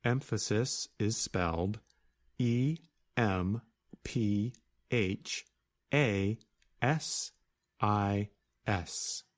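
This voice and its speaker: A man co-hosting an English lesson, explaining grammar clearly and deliberately and spelling words out. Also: lowish voice. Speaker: co-host and English teacher. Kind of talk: scripted teaching dialogue.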